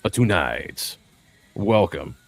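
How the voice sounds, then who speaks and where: A man's voice: on the low side, big pitch swings, takes it slowly, no echo. A man hosting a livestream, chatting in a rambling, jokey way and laughing often. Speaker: livestream host. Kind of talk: casual livestream chat.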